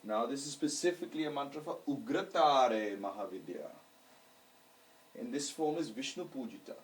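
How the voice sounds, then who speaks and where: A man's voice: mid-range voice, lively intonation, moderate pace, distant mic, poor audio. A male astrology teacher giving a lecture and leading his students in reciting mantras syllable by syllable. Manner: chants syllables for students to repeat.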